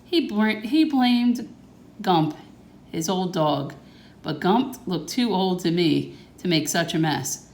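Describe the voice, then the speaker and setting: A woman reading a picture book aloud to children, gently pointing out the pictures. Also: lowish voice, animated, slow. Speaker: reader. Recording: echoey room.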